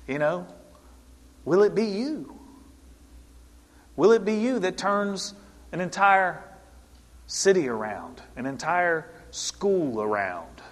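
A man's voice: high-pitched, a bit bright. A male pastor preaching an earnest, emphatic sermon to his congregation in a church. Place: church sanctuary. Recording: long hall reverb.

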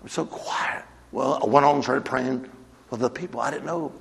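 A man preaching a sermon to his church, moving from quiet storytelling to shouted exhortation. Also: mid-range voice, fairly quick, creaky, husky, in a large hall. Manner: builds from hushed storytelling to shouted call-and-response exhortation. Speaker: pastor.

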